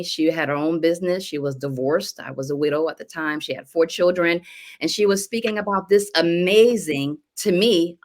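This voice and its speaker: A middle-aged woman speaks slowly and earnestly, clearly moved as she shares her story with a panel. Her voice sits fairly low. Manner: emotional, slow and earnest. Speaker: business testimonial speaker. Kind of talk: personal testimony on a panel.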